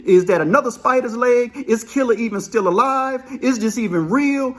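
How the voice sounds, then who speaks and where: Male storyteller, high pitch, animated and conversational, acts out every quote. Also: moderate pace. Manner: animated, acts out quoted dialogue, peppers speech with "man" and "you know". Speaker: storyteller recalling prison life. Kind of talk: casual spoken storytelling.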